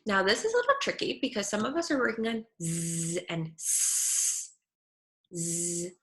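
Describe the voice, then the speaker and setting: A woman speech therapist teaching children at home, saying each word slowly and clearly. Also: medium pitch, sing-song, a bit bright. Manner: slow, clear over-articulation of words. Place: her home kitchen. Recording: echoey room.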